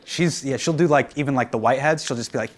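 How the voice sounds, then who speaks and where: A man's voice: mid-range voice, quick pace. A man hosting a comedy show, answering audience questions on stage with lots of laughter and acted-out quotes. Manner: animated, laughing, acts out quotes. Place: studio stage before a live audience. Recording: loud audience and background noise.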